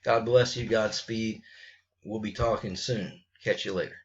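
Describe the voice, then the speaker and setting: A man's voice: fairly low pitch, fairly even intonation, a little slow, highs cut off, a little hiss or hum. A middle-aged man, a college writing teacher, speaking frankly and bluntly to his students in an unscripted message, often restarting his sentences.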